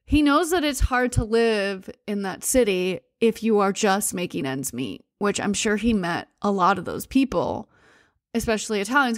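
A woman's voice: a little high, no echo, clean studio sound. A woman from the United States hosting a podcast, telling stories in a chatty, rambling way with fillers and self-corrections. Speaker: podcast host. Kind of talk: casual storytelling monologue.

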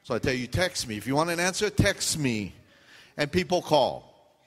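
A man's voice: fairly high pitch, lively intonation, moderate pace, fairly bright tone, long reverb tail. A man preaching a sermon as pastor, casual and joking, acting out what his listeners are thinking. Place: church sanctuary.

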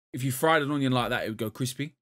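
A man's voice: medium pitch, a bit bright. Guy cohosting a game podcast, loose rambly chat, swears a bit. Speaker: podcast co-host. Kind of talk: casual chat.

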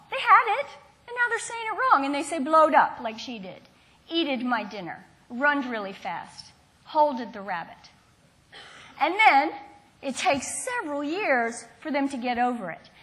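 A woman's voice: sits high, a bit bright. A woman from the Southern United States giving a university lecture, engaging and quizzing her audience.

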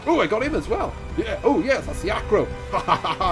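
Brief: male gamer, animated and jokey, taunts opponents, voice on the higher side. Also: brisk, music in the background. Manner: excitable, laughing, taunting opponents. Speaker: gaming YouTuber. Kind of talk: live gameplay commentary.

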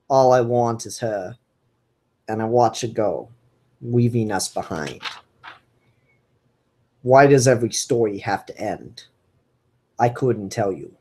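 Someone reading as a low, brooding noir narrator. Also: warm tone, husky. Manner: slow, somber noir narration. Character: brooding noir narrator, grown male hunter.

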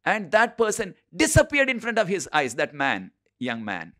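A man preaching a sermon, telling a story with frequent pauses and repeated phrases. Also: on the high side, wildly swooping pitch, pushed and bright. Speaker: preacher and Bible teacher.

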